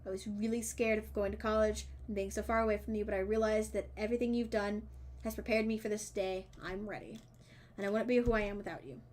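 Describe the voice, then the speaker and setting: A woman voicing a wry, affectionate teenage daughter in a dating game, reading in a dry, low-key way. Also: steady tone, fast, darkish tone, natural voice. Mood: warm.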